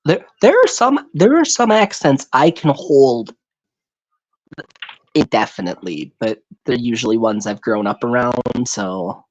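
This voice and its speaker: A man's voice: mid-range voice, big pitch swings, measured pace. A man in casual chat on a live stream, rambling and tripping over his words. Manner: rambling, stumbles over words, slips into put-on voices. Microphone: home microphone on a live stream.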